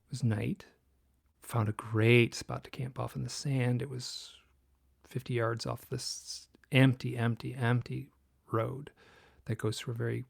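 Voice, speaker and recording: A man's voice: mid-range voice, gravelly, breathy edge, dry recording, clean studio sound. A man in his sixties from Michigan, telling a personal story as a guest in an interview, dropping to a whisper at tense moments. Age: 60s. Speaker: guest author.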